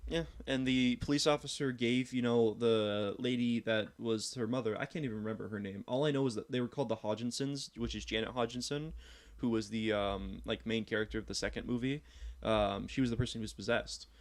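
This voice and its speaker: A young man on a casual podcast, rambling through a story at an ordinary middle pitch. He gets animated and swears freely as he goes. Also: fairly quick. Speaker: podcast co-host. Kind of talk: casual chat.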